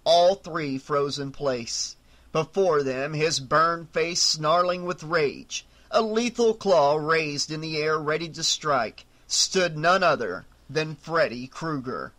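Horror audiobook narrator, man, bright forceful tone, slightly high. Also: takes it slowly.

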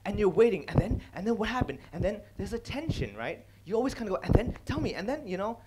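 A young man giving a stand-up style talk on comedy, animated and acting out other people's lines as he speaks. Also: sits high, fast, noisy background. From India. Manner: animated, acts out other people's lines, laughs at own jokes. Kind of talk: stage talk on comedy, switching between English and Cantonese.

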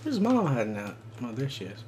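A woman's voice: rumbling low, very animated, brisk, warm tone. A woman in online game chat, teasing her teammates playfully and swearing. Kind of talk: casual gaming voice chat. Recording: noisy voice chat recording.

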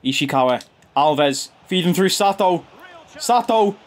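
A young man giving casual, slangy commentary over his own football video game, chuckling often and jumping to excited shouts when goals go in. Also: sits high, unhurried. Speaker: gaming YouTuber and streamer. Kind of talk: casual live gameplay commentary.

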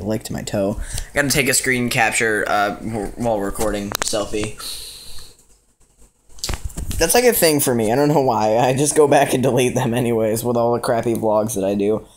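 A man, rambling through a casual home vlog with plenty of ums and likes. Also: medium pitch. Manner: rambling, scattered, lots of fillers. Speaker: vlogger. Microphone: action camera.

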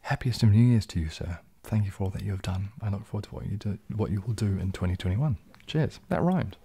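A man hosting a casual late-night ASMR livestream, chatting softly and reading viewers' questions aloud, rambling in a relaxed way and sometimes dropping into a whisper. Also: fairly low pitch, fast talker, a little hiss or hum. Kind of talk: casual soft-spoken livestream chat.

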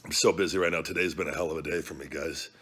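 A man with a deep, low-pitched voice that has a husky, grainy edge. He talks in a loose, joking way and swears freely, like a vlog host rambling through a hot food challenge at home. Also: steady tone, fast talker, a bit bright. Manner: loose, joking, profane banter.

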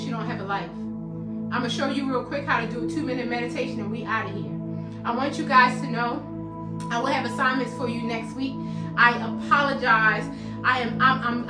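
A woman's voice: high voice, reverberant. A woman hosting a live motivational healing talk, preachy and casual, calling listeners baby and using slang. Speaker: host of a healing show.

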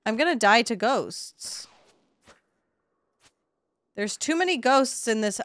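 Young adult woman, let's-play streamer; slow, wry, chatty delivery with mild swearing; dry close mic. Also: a little high, lively intonation, fairly bright tone, no echo. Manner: chatty, sarcastic, swears, yelps when panicked. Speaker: streamer playing a farming game. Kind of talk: casual let's-play commentary to chat.

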